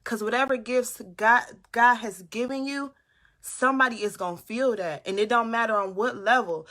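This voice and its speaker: A woman on a casual live stream, talking loud and animated straight to her viewers, giving them a pep talk. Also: fairly high pitch, moderate pace. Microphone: phone or webcam.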